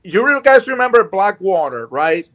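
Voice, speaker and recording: A man telling a personal story in casual chat, animated and acting out what people said. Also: sits high, normal speed. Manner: animated, acts out quotes.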